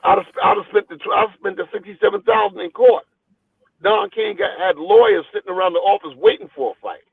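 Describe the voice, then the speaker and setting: A boxing trainer telling stories in a phone interview, talking in an animated, rambling way and repeating his words. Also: sits high, brisk, creaky, husky, no room sound. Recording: tinny phone line, dry.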